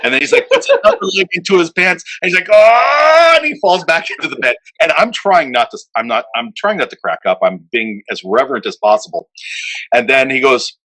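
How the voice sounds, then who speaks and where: A man hosting a podcast, casually telling an animated anecdote full of fillers. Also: medium pitch, brisk, poor audio. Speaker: podcast host. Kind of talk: casual storytelling chat.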